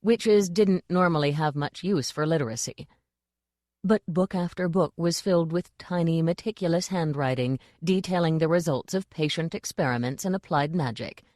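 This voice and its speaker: A woman reading a comic fantasy audiobook in an even, dry storytelling delivery on a close mic. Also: sits low, normal speed, no echo. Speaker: audiobook narrator. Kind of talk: scripted audiobook narration.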